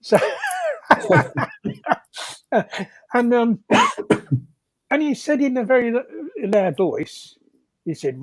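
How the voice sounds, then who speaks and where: A man's voice: very high voice, sing-song, takes it slowly, long pauses, no echo. An older man, telling rambling stories as a guest and chuckling as he goes. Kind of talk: anecdotal storytelling.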